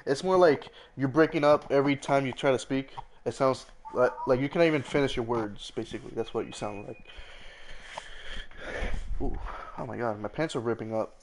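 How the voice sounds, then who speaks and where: A man chatting casually with a friend while streaming a game, excitable and crude, repeating words in quick bursts. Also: medium pitch, a little hiss or hum. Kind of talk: casual gaming chat with a friend.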